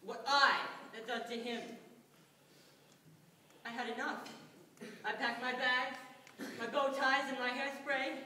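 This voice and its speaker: A woman's voice: high-pitched, little pitch movement, measured pace, bright, forceful tone, a little hiss or hum. A teenage girl performing a stage monologue as a vain, wounded ventriloquist's puppet, with sarcastic, melodramatic storytelling. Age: teens. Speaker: student performer. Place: school hall stage. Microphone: distant room mic. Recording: echoey hall from far off.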